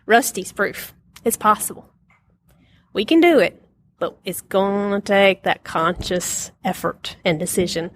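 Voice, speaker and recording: A woman's voice: medium pitch, animated, unhurried. A middle-aged woman teaching a casual Bible lesson to a group, telling stories with animation, laughing often and acting out quotes.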